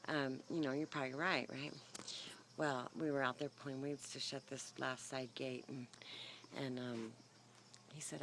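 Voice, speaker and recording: A woman with an extremely low-pitched voice and fairly even intonation talks at normal speed in a casual vlog, recorded outdoors by the horses on just her phone's built-in mic. Her long, rambling story is packed with fillers and her voice wavers a little, over a noisy background.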